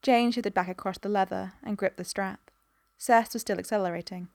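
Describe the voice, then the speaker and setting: A woman narrating a story in an even, measured reading voice. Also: medium pitch, gravelly, no room sound, clean studio sound.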